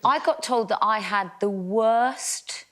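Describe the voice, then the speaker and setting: An English woman on a comedy panel, telling a self-mocking anecdote with lively delivery. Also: mid-range voice, takes it slowly. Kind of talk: anecdotal storytelling.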